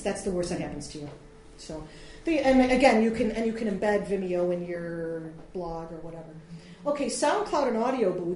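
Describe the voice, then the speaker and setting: In an echoey room with slight noise, a woman presenter gives a small audience an informal workshop talk on free online tools. Her voice is a little high with a darkish tone, and she chats and rambles, using lots of fillers.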